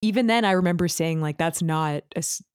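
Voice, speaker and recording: A woman's voice: lowish voice, fairly quick, clean tone. A woman from Canada, a guest musician, chatting casually on a podcast with a laid-back manner and frequent ums.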